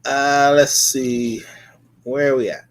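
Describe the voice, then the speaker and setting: A man's voice: medium pitch, fairly even intonation, slow pace. A man giving a casual live-streamed lecture, rambling and repeating himself as he sounds out syllables.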